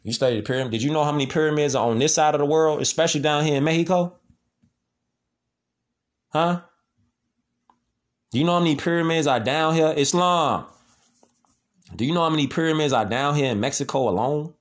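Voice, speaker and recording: A man's voice: a little high, a little fast, pauses often. A man delivering an impassioned monologue, heavy with street slang and repetition, lecturing listeners. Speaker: commentator.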